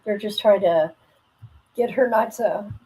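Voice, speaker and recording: A husky woman hosting a livestream, thinking aloud in a casual, musing way. Her thoughts trail off and she circles back to them. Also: mid-range voice, a little slow, warm tone, low-quality recording. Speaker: stream host reacting to a video.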